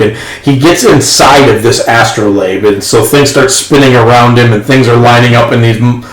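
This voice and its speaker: A man narrating as game master in a tabletop game, talking in halting bursts with restarts. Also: mid-range voice. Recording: echoey room, faint noise.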